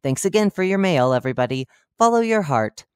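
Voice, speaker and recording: A cheerful, oblivious male radio host, put on by a horror-story narrator, rattling off chatty broadcast patter with deadpan dark jokes. His voice sits in an ordinary middle pitch. It is recorded close and dry, with no room sound. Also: fairly quick, clean tone, no echo, lightly acted. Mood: chipper. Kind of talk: horror fiction reading.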